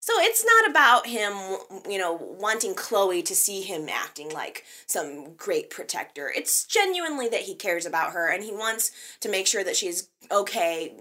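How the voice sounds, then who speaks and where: A woman hosting a soap opera recap show, talking in an excitable, gushing fan manner with many fillers. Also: mid-range voice, normal speed, few pauses. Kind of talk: casual recap commentary.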